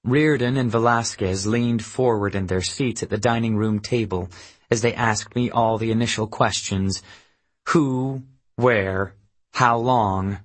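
Male audiobook narrator, slow and husky, dry wry first-person storytelling. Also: lowish voice, steady tone.

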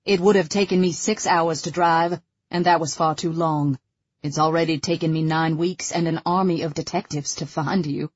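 A woman voicing a wealthy, composed older man who speaks slowly and drily, in an audiobook reading. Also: low voice, fairly even intonation, slightly rough, dry recording, lo-fi sound. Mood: calm.

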